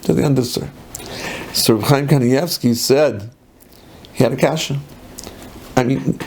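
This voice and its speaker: A rabbi giving a sermon, telling a story in animated English mixed with Yiddish and Hebrew words. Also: male voice, medium pitch, gravelly.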